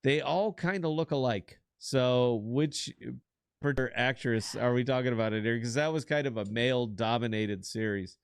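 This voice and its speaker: A man's voice: medium pitch, normal speed, clean tone, dry recording, studio quality. A man co-hosting a podcast in casual chat, blunt and rambling, swearing freely. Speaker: podcast co-host.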